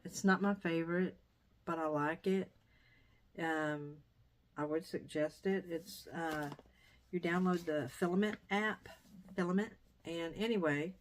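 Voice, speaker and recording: A middle-aged woman chatting casually in a home vlog, wandering off topic and coming back. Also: lowish voice. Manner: chatty, digressive. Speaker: vlogger. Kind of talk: casual chat. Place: dining room used as sewing room.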